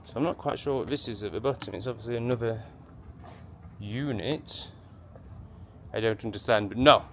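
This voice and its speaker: A man's voice: fairly low pitch, normal speed, a little hiss or hum. An English man vlogging as he walks through a rental house, exclaiming and gasping in amazement, filmed on a handheld camera. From England. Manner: excitable, gasping and exclaiming in awe. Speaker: travel vlogger. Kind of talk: casual vlog walkthrough.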